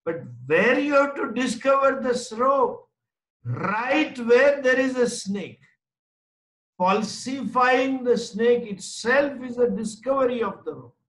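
A high-pitched man teaches a spiritual class. He rephrases each point patiently and leans on everyday stories. The sound carries a roomy echo. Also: slow pace, fairly bright tone. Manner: explains by repeating and rephrasing, with homely anecdotes and short laughs. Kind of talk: Vedanta lecture to a class.

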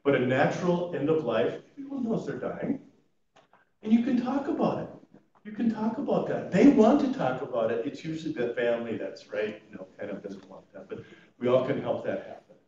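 A man who is a chaplain and funeral planning consultant, telling stories to a class in an animated, informal way and laughing at his own stories. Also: medium pitch, fairly quick, a little hiss or hum. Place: church meeting room. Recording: echoey room, mic at a distance, dull sound.

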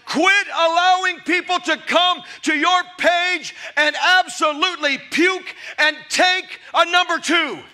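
A man in his fifties preaching a sermon to a live congregation, emphatic and often shouting, with jokey storytelling. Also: very high-pitched, steady tone, unhurried, hardly any pauses. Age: 50s. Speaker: pastor. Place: church service before a live congregation.

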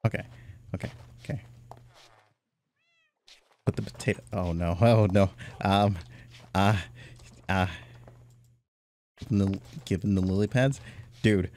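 A young man giving casual, swear-filled commentary while he plays a game, jumping from mumbling to loud high-pitched outbursts. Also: fairly even intonation, unhurried, long pauses. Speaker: gaming YouTuber. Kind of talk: casual let's-play commentary.

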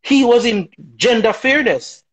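A man speaks as a talk show guest, his voice pitched high with a husky edge. He argues his views emphatically, piling up rhetorical questions. The delivery is opinionated and forceful. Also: expressive, measured pace, rough recording. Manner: emphatic, rhetorical, keeps asking "right?".

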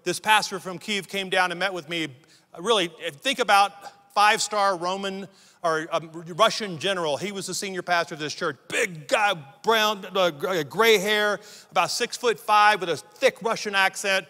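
A man with a high, ringing voice preaches emphatically, restarting phrases as he builds his point. His sermon carries the long reverb of a large church hall. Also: normal speed, sharp tone. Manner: emphatic preaching, repeats words when starting sentences. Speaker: pastor.

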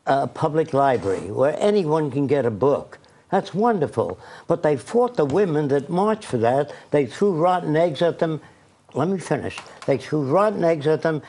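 A man's voice: on the high side, a little mellow. An older man as an interview guest, telling long emphatic stories and arguing his point. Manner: emphatic, rambling storyteller; puts on a foreign accent when quoting. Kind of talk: studio interview.

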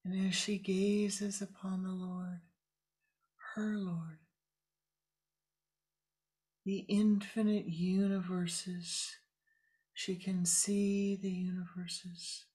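A woman spiritual teacher telling a story in a guided meditation, speaking softly and often whispering. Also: medium pitch, flat delivery. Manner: slow, hushed, frequently whispering.

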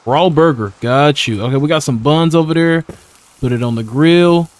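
Young man, gaming commentary, slangy, chatty, slightly high voice. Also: normal speed. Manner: chatty, slangy, laughs often, talks to game characters. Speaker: gaming YouTuber. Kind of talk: casual let's-play commentary.

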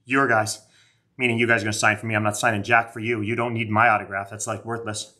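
Bright-voiced man chatting on a live stream. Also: on the low side, little pitch movement, fast. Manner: rambling, self-mocking, chatty with viewers. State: out of breath. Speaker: card collector streaming live. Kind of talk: casual live-stream chat.

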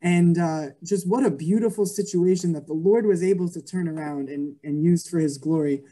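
A man's voice: fairly high pitch, moderate pace, warm tone. A man in his twenties giving an earnest Christian testimony over a video call, with many ums and likes. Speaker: guest speaker.

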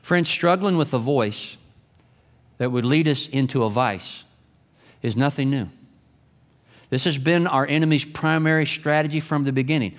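A man preaching a sermon as pastor, reading scripture and stories with emphatic delivery that swings between raised, urgent lines and hushed, low ones. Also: moderate pace, long pauses.

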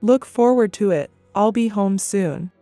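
A woman narrator voicing a timid, introverted middle-aged son who talks softly. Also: mid-range voice, lively intonation, unhurried, no echo, soft background music, natural voice. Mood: eager.

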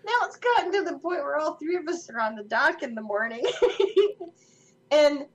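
A woman's voice: high-pitched, normal speed, slight background noise. A woman from Minnesota telling a funny story in casual chat, laughing often as she talks. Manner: giggly, laughs through her stories. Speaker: podcast co-host.

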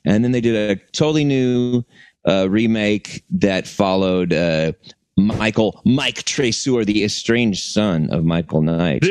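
A man's voice: lowish voice, slow pace, darkish tone, no room sound. A man co-hosting a podcast, chatting casually and rambling with many restarts. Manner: rambling, lots of restarts and fillers. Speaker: podcast co-host. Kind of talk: casual chat.

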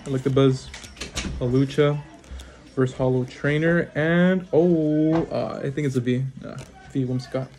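At a small table at home, a card-opening channel host chats casually as he opens packs, reeling off card names rapidly and cutting in with short, excited reactions. His voice is an ordinary middle pitch for a man, with slight background noise.

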